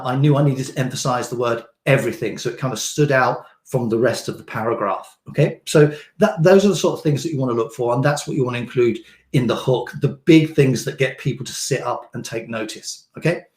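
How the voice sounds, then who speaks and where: A man's voice: medium pitch, a little fast, a little mellow. A man coaching a live online session, explaining casually with lots of fillers and restarts. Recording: roomy echo.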